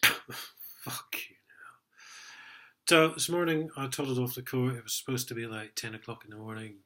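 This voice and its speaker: A man's voice: medium pitch, fast, fairly bright tone. A middle-aged man, telling his own story in a sweary, aggrieved, rambling way, full of ums. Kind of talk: casual personal account.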